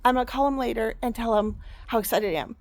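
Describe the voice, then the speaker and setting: A woman's voice: on the high side, quick pace, no room sound. Rambling, chatty woman vlogger. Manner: rambling, self-correcting, fond and chatty. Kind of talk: casual family storytelling.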